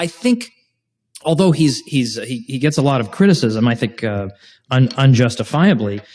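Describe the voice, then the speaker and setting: A male lecturer talks a class through an outline in a lively, informal way. His voice sits at an ordinary middle pitch, and he breaks off with asides and quick restarts. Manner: animated, joking asides, frequent restarts. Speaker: host and lecturer. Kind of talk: informal university-style lecture. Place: lecture room with a live class.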